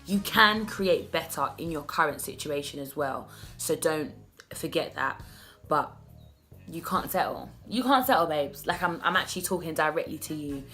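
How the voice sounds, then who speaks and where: A young woman in her twenties speaks earnestly to her viewers in a personal vlog. Her voice sits on the low side for a woman, and she often trips and restarts mid-sentence. Faint music plays underneath. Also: normal speed, pushed and bright. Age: 20s. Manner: earnest, direct address with many restarts. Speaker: vlogger. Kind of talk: heartfelt self-love vlog talk.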